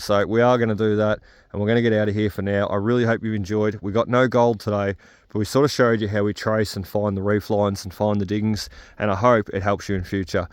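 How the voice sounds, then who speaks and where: With a lowish, clear and resonant voice, an Australian metal detecting vlogger narrates casually to his camera on a rainy hillside. The recording has no room sound. His manner is chatty, and laughter comes easily to him.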